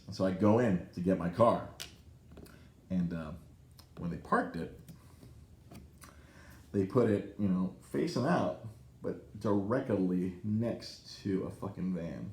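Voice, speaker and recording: A man in his thirties hosting a podcast, telling a story in a casual, animated way, swearing often and acting out the voices he quotes. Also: sits low, moderate pace, reverberant. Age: 30s. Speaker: podcast host. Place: podcast studio in a comic shop.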